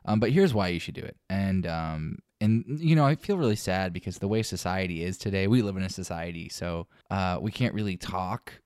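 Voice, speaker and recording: A man's voice: sits low, animated, fairly quick, few pauses, darkish tone, clear, resonant tone, no echo, studio quality. A man co-hosting a casual comedy podcast, rambling with ironic fake emotion and swearing. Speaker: podcast co-host.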